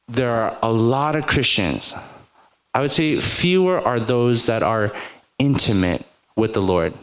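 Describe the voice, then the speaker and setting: A man preaching a sermon to a congregation, telling personal stories in a chatty way and often adding "right?" and "like". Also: mid-range voice. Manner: conversational, storytelling, frequent "like" and "right?". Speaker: pastor.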